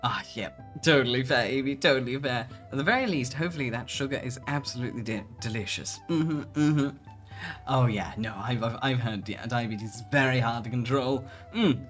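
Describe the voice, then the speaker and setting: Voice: mid-range voice, brisk, a bit bright, soft background music. A streamer chatting casually while reading posts aloud, laughing often and swearing casually. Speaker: VTuber streamer.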